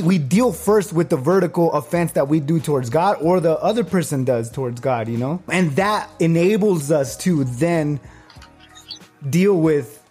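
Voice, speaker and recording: A man's voice: on the high side, darkish tone, husky. A man co-hosting a podcast, speaking in casual chat and often affirming the others. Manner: affirming, conversational. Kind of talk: casual faith discussion.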